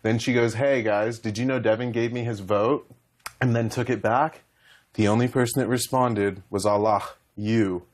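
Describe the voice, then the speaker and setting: A man's voice: mid-range voice, steady tone, normal speed. A young man and reality show contestant, rambling emotionally as he retells conversations in a heated talk.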